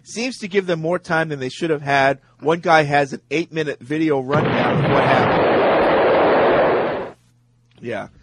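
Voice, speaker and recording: A man hosting a sports radio show, reading listener emails and chatting in a relaxed, jokey way with short agreeing replies. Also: on the high side, unhurried, pauses often, breathy edge, no room sound.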